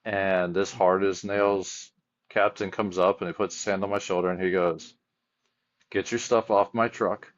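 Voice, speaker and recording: A man's voice: low-pitched, level tone, unhurried. A man, a firefighter and chaplain, talks earnestly in a casual podcast conversation, often restarting his sentences as he tells stories. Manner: earnest storyteller with frequent restarts. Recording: dull lo-fi audio.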